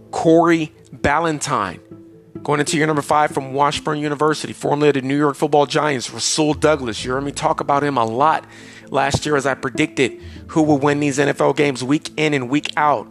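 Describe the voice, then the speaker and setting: A man hosting a solo sports podcast, grading a team's roster in an emphatic delivery that stretches some words and rattles off player stats quickly. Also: medium pitch, fairly bright tone. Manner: emphatic, drawn-out delivery with sudden rushes of stats. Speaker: podcast host.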